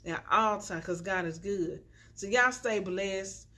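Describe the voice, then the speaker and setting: A woman's voice: medium pitch, slow, sharp tone. A young adult woman vlogging to her phone from the floor at home, chatty and preachy, encouraging her viewers. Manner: chatty and preachy, constantly saying y'all. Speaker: inspirational vlogger. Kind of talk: casual encouraging talk to camera. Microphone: phone on a tripod with ring light.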